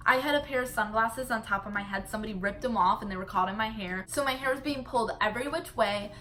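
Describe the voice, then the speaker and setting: Young female vlogger, bright tone, chatty storyteller heavy on "like.". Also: fairly high pitch, fast. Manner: chatty, animated retelling full of "like" fillers. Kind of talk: casual storytelling vlog.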